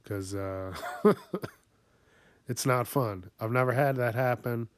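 A man's voice: mid-range voice, slow pace, no room sound. A man hosting a podcast, going off in a profane comedic rant, swearing constantly and laughing at his own jokes. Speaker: podcast host.

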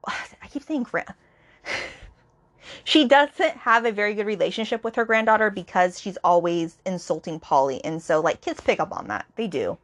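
A woman hosting a book podcast, chatting casually as she retells a romance novel's plot with lots of fillers and quoted lines. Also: fairly low pitch. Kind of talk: casual book review chat.

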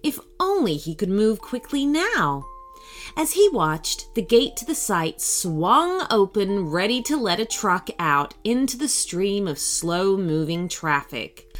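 A woman reads a children's story aloud at an unhurried pace. Her voice is animated and full of rise and fall, and she reads expressively. Faint music plays behind her. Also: mid-range voice.

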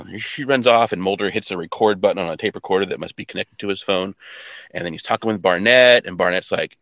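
A man's voice: sits low, a little fast, gravelly, fairly bright tone, dry recording. A man co-hosting a podcast, casually recapping a TV episode in a rambling way, full of fillers and quoted lines. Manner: rambling, many "like" fillers, quotes characters in offhand voices. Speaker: podcast co-host.

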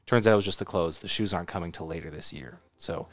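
A man's voice: low voice, quick pace, dry recording. A man co-hosting a casual podcast, telling a story in a laid-back way. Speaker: podcast co-host. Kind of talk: casual couple's podcast chat.

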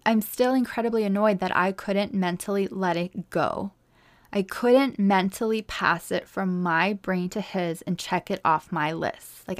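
A woman hosting a podcast, telling a personal story in a chatty, exasperated way and acting out both sides of a conversation. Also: medium pitch. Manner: chatty, exasperated, acts out dialogue. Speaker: podcast host.

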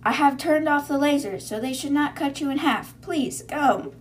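A woman's voice: sits high, normal speed, a little hiss or hum, voice pushed up, natural voice. A woman voicing a polite, fussy man who speaks formally, in a raised put-on voice. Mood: courteous.

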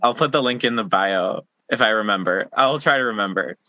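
Male podcast host, bright tense tone, rambling and playful, dry close sound. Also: on the low side, brisk, no room sound. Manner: rambling, many fillers, playful teasing. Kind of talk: casual podcast chat.

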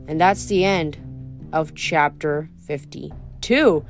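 A woman's voice: fairly low pitch, unhurried. A woman podcast host reads a novel aloud, then signs off in a loose, casual way full of ums and restarts. Faint music plays underneath. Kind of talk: read-aloud narration and casual sign-off.

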